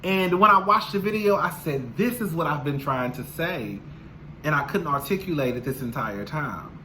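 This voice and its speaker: A man vlogging casually to camera, sassy and expressive, calling his listeners "girl". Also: fairly high pitch, moderate pace, slight background noise.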